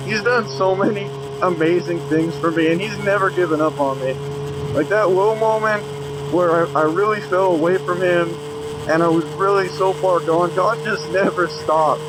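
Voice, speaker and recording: Brief: earnest man vlogging about faith, slightly high voice, car noise underneath. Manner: earnest, halting with restarts. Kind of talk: casual faith vlog.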